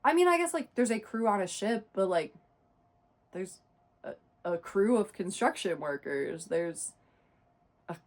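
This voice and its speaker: A woman's voice: mid-range voice, lively intonation. A woman giving a casual, exasperated book review rant. She leans hard on "like" and "literally". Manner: talks fast and loose, leaning hard on "like" and "literally"; exasperated and indignant.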